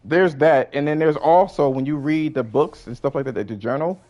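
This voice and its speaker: A man's voice: a little high, normal speed, darkish tone. A man arguing heatedly in a casual debate, insistent and frustrated, swearing often.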